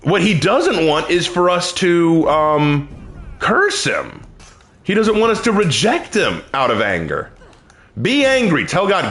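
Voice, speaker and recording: A man's voice: wildly swooping pitch, measured pace, a bit bright. A young man on a live stream who answers chat questions about faith in an earnest, emphatic, preacher-like way. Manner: earnest, emphatic, pitch swings when preaching.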